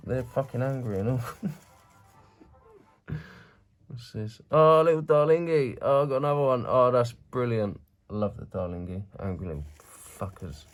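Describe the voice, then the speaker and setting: A man unboxing a gift on camera, excitable and swearing freely as he reacts. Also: mid-range voice, moderate pace. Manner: excitable, swears constantly, laughs along. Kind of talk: casual unboxing chat.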